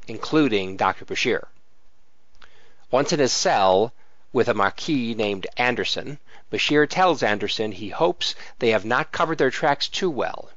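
A man's voice: medium pitch, fairly bright tone, no room sound, lo-fi sound. A man co-hosting a podcast, chatting casually and then reading a comic book synopsis. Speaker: podcast co-host. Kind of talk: casual chat and read synopsis.

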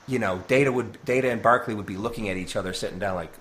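A man's voice: fairly low pitch, quick pace, a bit bright, slight background noise. A man co-hosting a podcast, chatting casually and laughing often. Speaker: podcast co-host. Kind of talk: casual chat about comics.

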